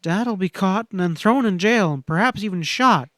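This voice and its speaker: A man's voice: sits high, lively intonation, moderate pace, a bit bright, dry recording, studio quality, pitched above the performer's own voice. A man reading a western audiobook, voicing an earnest, desperate young frontier woman in a pleading, breathless way. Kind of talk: audiobook character voice.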